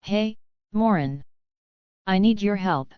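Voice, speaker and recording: A woman's voice: medium pitch, slow, clear, resonant tone, no room sound, lo-fi sound, lightly acted. A woman voicing a bald, muscular male street racer who speaks bluntly and directly in a storybook reading.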